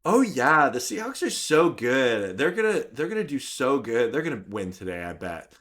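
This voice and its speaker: A man voicing a chirpy teenage girl cashier in a vlog story, talking brightly in a high, questioning voice. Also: sing-song, normal speed.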